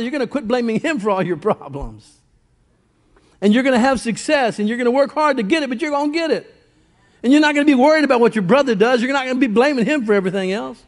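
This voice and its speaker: A male pastor preaching a sermon in church, folksy and conversational, full of rhetorical questions and stories. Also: very high voice.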